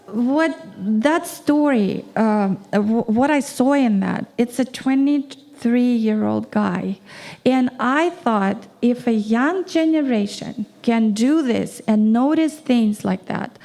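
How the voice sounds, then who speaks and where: On a concert stage before a live audience, a middle-aged woman who speaks Russian natively tells a story in a lively, animated way. Her voice is on the high side, and she talks quickly, acting out the dialogue and restarting often.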